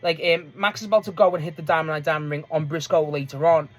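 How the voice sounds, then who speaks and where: A man with a notably high-pitched voice recaps a wrestling match in loose, casual talk. He rambles from one moment to the next, restarts often, laughs readily and swears freely. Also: steady tone, fast. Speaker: wrestling fan reviewer.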